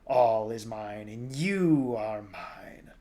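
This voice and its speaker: A man reading aloud, voicing a menacing insect-like male monster in a slow, drawn-out snarl. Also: fairly low pitch, expressive, mellow. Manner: slow, drawn-out, looming delivery.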